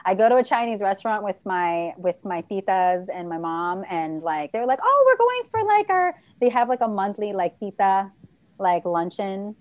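A woman's voice: mid-range voice, moderate pace, warm tone. A woman from a Filipino family raised in the United States, telling stories in casual chat, full of laughs and filler "like"s. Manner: laughing storyteller, many filler "like"s.

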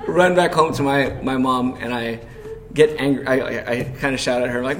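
A man's voice: medium pitch, normal speed. A man preaching a sermon as pastor, telling a personal story in a conversational way and asking the congregation questions. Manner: storytelling with loud acted panic in quotes.

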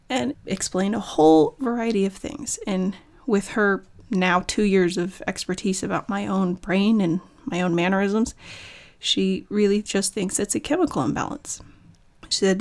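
A woman's voice: mid-range voice, moderate pace. A woman in her thirties, an author and mother, speaking candidly and reflectively in a personal monologue, often restarting her sentences. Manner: earnest, reflective, with frequent restarts. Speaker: author sharing personal story.

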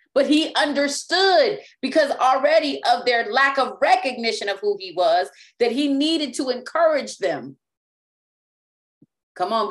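Emphatic woman preaching, higher-pitched. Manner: emphatic, repeats and restarts words, acts out scripture quotes. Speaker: apostle and teacher. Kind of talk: sermon.

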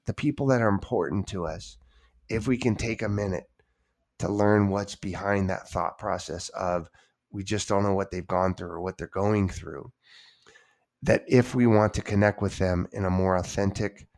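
A man's voice: lowish voice, normal speed, darkish tone. A man, an author guest on a podcast, speaking earnestly and repeating words when he stresses a point. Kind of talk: casual conversation.

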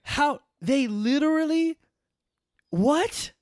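A man's voice: very high-pitched, expressive, takes it slowly, dry recording, studio quality. A young man co-hosting a comedy podcast, joking around in casual banter and laughing often. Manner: joking, laughs often, does mock voices. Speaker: podcast co-host.

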